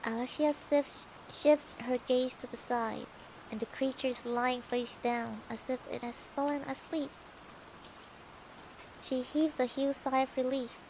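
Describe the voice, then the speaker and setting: A woman's voice: sits high, fairly even intonation, measured pace, darkish tone, a little hiss or hum, poor audio. A young woman reading a novel aloud for her stream, playful and adding her own comments between passages. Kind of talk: casual storybook reading with asides.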